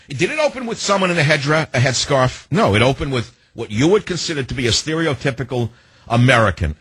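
A man's voice: mid-range voice, a bit bright, slightly rough, no echo. A man hosting a talk radio show, delivering a combative monologue full of rhetorical questions into a studio microphone.

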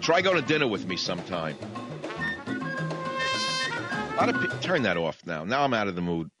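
Low-voiced, sardonic male radio host. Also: very animated, quick pace, over music. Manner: rambling, sardonic, combative. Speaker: radio talk show host. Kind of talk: talk radio monologue.

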